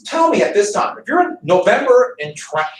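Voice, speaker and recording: A man's voice: high-pitched, a little fast, a little hiss or hum. A man teaching a history class, telling it like a story with acted-out quotes and questions to students. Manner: animated storytelling, acting out quotes, quizzing students. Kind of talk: classroom lecture. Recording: echoey classroom, far from the mic.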